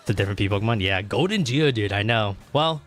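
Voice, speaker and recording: A man streaming casually while he games. He rambles with many fillers and restarts, swears freely, and bursts into loud, excited exclamations. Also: lowish voice, fast talker, faint music behind. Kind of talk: casual livestream chat while gaming.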